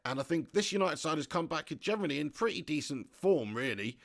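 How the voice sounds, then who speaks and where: During his live football watch-along, the young host reads viewer comments aloud, laughs frequently, and swears in passing while chatting excitably. He sounds a little high and a little fast, with vocal fry.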